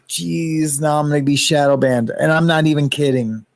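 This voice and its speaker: A man chatting loosely on his own livestream, greeting viewers one by one as he rambles between topics. His voice sits on the higher side, and the sound is dry and close with little room echo. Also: normal speed, gravelly, hardly any pauses, darkish tone. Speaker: livestream host. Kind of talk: casual livestream chat.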